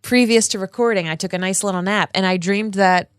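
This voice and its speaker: A woman's voice: mid-range voice, fairly even intonation, fairly quick, smooth, no echo, studio quality. A woman from the United States co-hosting a podcast, chatty and self-deprecating, who also reads book passages aloud. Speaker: podcast co-host. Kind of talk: casual chat and reading aloud.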